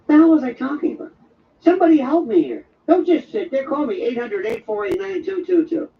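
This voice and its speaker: A man's voice: very high voice, sing-song, brisk, gravelly. An older man hosting a live show, delivering a digressive, wisecracking monologue in a sardonic tone. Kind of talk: rambling live-stream monologue. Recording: dull, distant stream audio with faint noise.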